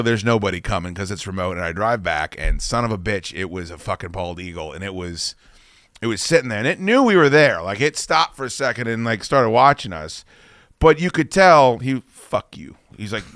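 A man hosting a podcast, telling rambling, profane anecdotes in a casual, animated way. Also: lowish voice, a little fast, dry recording, studio quality. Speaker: podcast host. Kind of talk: casual storytelling chat.

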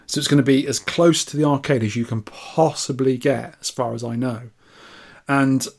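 A man's voice: medium pitch, a little mellow. A man co-hosting a podcast, chatting playfully and teasing his friend. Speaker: podcast co-host. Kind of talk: casual chat.

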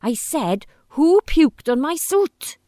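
A woman's voice: high voice, very animated, takes it slowly, mellow, no echo, clean studio sound, pitched above the performer's own voice, exaggerated voice. A woman voicing a panicky young groom who talks frantically in a raised voice, in a storybook reading. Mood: frantic. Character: panicky young groom after a stag night.

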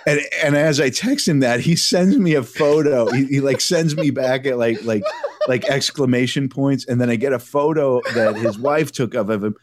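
Over the sound of a crowd in the background, a medium-pitched male co-host chats casually on a podcast at normal speed. He tells stories animatedly, slipping into different voices.

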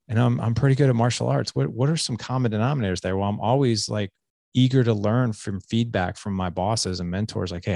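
Gravelly low-voiced man telling his story. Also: a little mellow, no room sound, studio quality. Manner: earnest, confessional, with frequent restarts and "like". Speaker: podcast guest. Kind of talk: candid personal storytelling.

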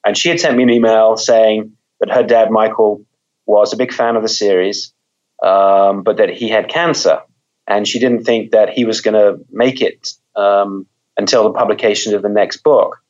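A man's voice: fairly low pitch, fairly even intonation, normal speed, darkish tone, highs cut off. A man, a mystery author, talking in a conversational interview, thoughtful, often repeating words as he thinks.

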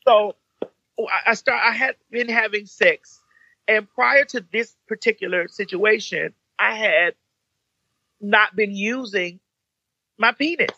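A young woman telling a story in casual chat, animated and campy, jumping up to a high squeaky voice for the people she quotes. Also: slow pace, long pauses, husky, no room sound, muffled recording. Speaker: podcast guest telling a story.

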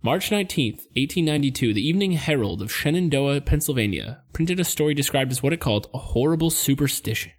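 A man's voice: fairly high pitch, expressive, quick pace, few pauses. A young man co-hosting a podcast in casual chat, loose and profane, often laughing and trailing off mid-sentence. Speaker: podcast co-host.

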